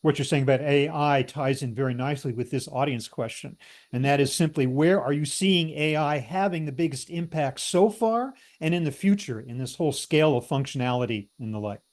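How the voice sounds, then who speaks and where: Man, webinar moderator, measured, asks questions, sums things up. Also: mid-range voice, a little mellow.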